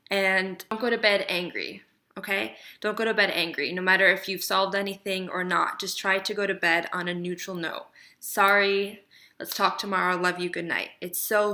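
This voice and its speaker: Bright-voiced woman giving chatty advice. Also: mid-range voice. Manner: chatty and emphatic, checks in with "okay?". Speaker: relationship advice vlogger. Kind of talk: casual advice vlog.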